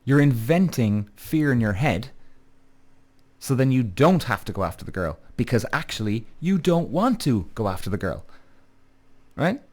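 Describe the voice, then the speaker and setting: A man hosts his podcast alone, speaking in a blunt, emphatic monologue. He swears freely and keeps asking "right?" as he goes. He slips into quick mock voices to act out what other people say. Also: medium pitch, sing-song. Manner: repeatedly asks "right?" as a tag. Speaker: podcast host. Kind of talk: candid monologue with frequent swearing.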